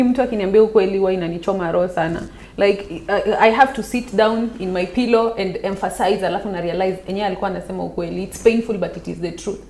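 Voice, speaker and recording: A woman's voice: mid-range voice, a little mellow, slight background noise. A Kenyan woman from Nairobi, a talk show guest, speaking emphatically and repeating her points while mixing Swahili and English.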